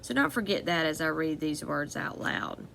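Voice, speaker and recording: A woman's voice: deep voice, expressive, normal speed, vocal fry, a bit bright, a little hiss or hum. A woman teaching a phonics lesson to children, patiently repeating each word and giving step-by-step instructions.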